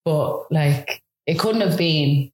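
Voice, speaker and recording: A woman in her thirties with an Irish accent, telling a personal story in a chatty, animated way with lots of fillers. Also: low voice, slow, reverberant. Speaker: guest. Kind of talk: casual storytelling.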